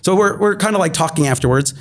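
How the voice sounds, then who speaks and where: A man telling an animated story as a podcast guest, with lots of fillers. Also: sits high, fast. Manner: animated, many fillers, acts out quoted dialogue. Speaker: podcast guest, marketing entrepreneur. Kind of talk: storytelling anecdote.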